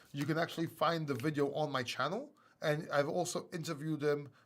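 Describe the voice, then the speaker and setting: Man, from Greece, fairly high voice, live-stream host, casual chat, animated, laughs a lot. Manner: animated and self-mocking, laughs often, bursts into loud acted outbursts.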